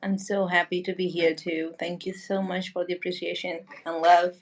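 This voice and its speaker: A woman's voice: on the low side, flat delivery, normal speed. A woman from India, a guest on a livestream, chatting casually, giggling often and using many filler words.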